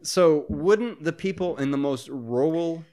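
A man's voice: fairly high pitch, a little slow, dark tone. A man co-hosting a podcast, chatting casually about a movie, playful, swearing and laughing often. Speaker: podcast co-host. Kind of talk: casual movie-commentary chat.

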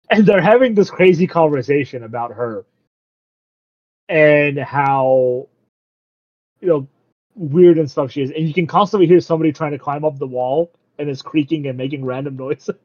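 A man casually recapping a show, laughing often and acting out the characters' lines in quick asides. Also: fairly high pitch, darkish tone, no echo. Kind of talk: casual chat recapping an anime. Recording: dull lo-fi dry recording.

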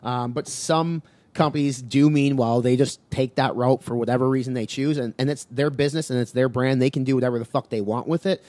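A man co-hosts a podcast at a fast clip, summing things up in loose, casual terms with the odd curse. His voice sits in a middle range for a man. The sound is dry and close, with no room in it. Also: mid-range voice, steady tone, darkish tone, no room sound. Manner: loose, summarizing, casual swearing. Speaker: podcast co-host.

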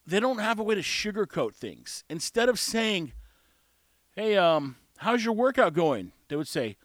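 A man rambles through his opinions in a casual solo talk, chuckling at his own jokes as he goes. His voice sits a little high for a man. The sound is dry and close, with no room behind it. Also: a bit bright, dry recording.

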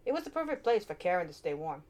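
A woman narrating a children's storybook aloud with expressive, animated delivery. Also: lowish voice, quick pace.

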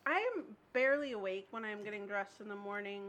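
A woman co-hosting a podcast, easygoing and quick to laugh in casual chat. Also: mid-range voice, a bit bright. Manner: giggly, easygoing. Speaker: podcast co-host.

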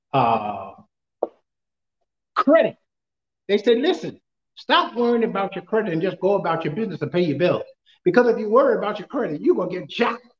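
In a roomy, slightly muffled recording that seems to come from the back of a church, a pastor with a high-pitched voice preaches. He tells humorous stories, laughs frequently, and shouts questions at the people listening.

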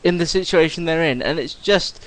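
High-pitched male co-host, eager and rambling, casual talk. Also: fairly quick, fairly bright tone, low-quality recording. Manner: enthusiastic, rambling with restarts. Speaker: podcast co-host. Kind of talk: casual chat.

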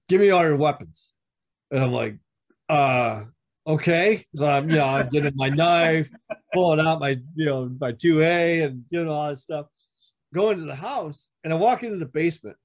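A man who's a longtime motorcycle club member tells stories in a relaxed way on a podcast, full of profanity. He acts out what others said, shifting his pitch as he quotes them.

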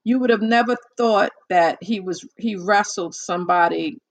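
A woman's voice: medium pitch, normal speed. A woman talking casually to her listeners, chatty and repetitive, with frequent restarts and acted-out quotes. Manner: chatty, repeats herself and restarts, acts out quotes. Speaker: commentator. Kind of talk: casual monologue.

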